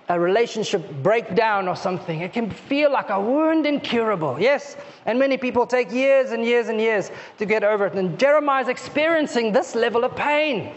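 High-voiced male preacher in a reverberant hall. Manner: conversational, often tags lines with "okay?" and soft laughs; swings between raised emphatic lines and low intimate asides. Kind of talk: sermon. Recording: muffled lo-fi sound with long hall reverb.

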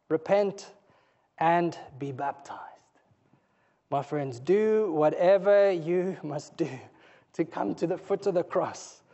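A man preaching a sermon in a church, earnest and pleading, his voice often dropping low and soft before rising again. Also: lo-fi sound. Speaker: pastor.

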